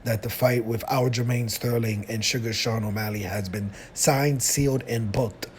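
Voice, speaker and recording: A man's voice: medium pitch, fairly even intonation, moderate pace, a little hiss or hum. A man talking casually through his views as a solo commentator, rambling with lots of fillers and restarts. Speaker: YouTube commentator.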